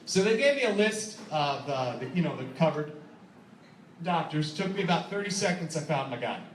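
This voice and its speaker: Animated male stand-up in an echoey club. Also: fairly high pitch, moderate pace, distant mic, slight background noise. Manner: animated storytelling, acts out voices, laughs at own jokes. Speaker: stand-up comedian. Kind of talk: stand-up comedy set. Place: comedy club stage. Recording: echoey club recording, audience laughter. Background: audience laughing.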